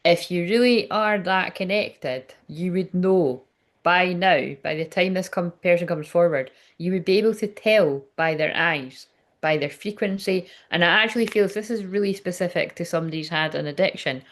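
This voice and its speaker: A woman's voice: on the low side, normal speed. A woman giving a casual tarot reading, chatty and frank, swearing often and laughing as she talks. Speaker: tarot reader.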